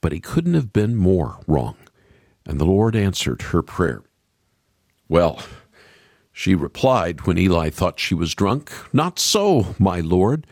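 A man's voice: low voice, very animated, slow, pauses often, darkish tone, dry recording, studio quality. A man giving an earnest radio devotional message, reading scripture and preaching. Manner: earnest, reads scripture aloud. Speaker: radio Bible teacher.

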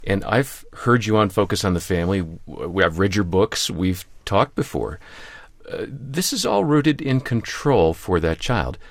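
Male radio host; lower voice, animated pitch, thoughtful tone, dry recording. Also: measured pace, dry recording. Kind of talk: radio interview.

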